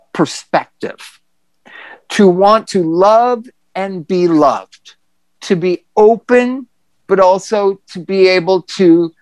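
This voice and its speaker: A middle-aged person telling a personal story on a podcast in a candid, profane, animated way. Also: mid-range voice, no room sound. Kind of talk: casual storytelling chat.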